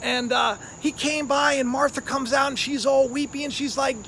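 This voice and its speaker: A man with a very high, light voice preaches in a loose, conversational way. He leans on fillers and tag questions as he talks. Faint outdoor ambience, like crickets, sits softly behind him. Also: fairly even intonation, normal speed, hardly any pauses, slight background noise. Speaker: online preacher, channel host. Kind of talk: casual sermon.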